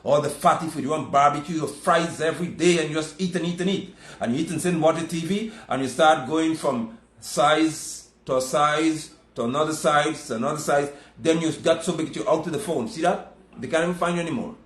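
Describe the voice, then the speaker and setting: A man's voice: a little high, fairly quick, roomy sound. A man preaching a sermon, emphatic and scolding, repeating his points.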